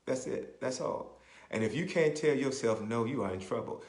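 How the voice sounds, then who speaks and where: A man preaching a sermon as a bishop, repeating phrases, checking in with "right?", and slowing down to explain scripture. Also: mid-range voice, expressive, darkish tone. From Maryland, US. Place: church. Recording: roomy echo.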